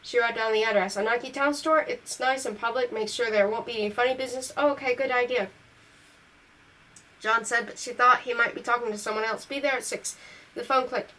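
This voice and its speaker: Female amateur audiobook reader, fairly high pitch, self-corrects. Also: fairly even intonation, fairly quick, sharp tone, rough recording. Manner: reads on through slips and self-corrections. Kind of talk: amateur novel reading.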